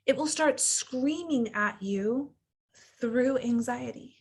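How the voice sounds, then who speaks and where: A woman's voice: on the high side, slow, slightly rough. A woman in her thirties, a coach giving an earnest, reflective teaching talk and sometimes acting out the inner voice of fear.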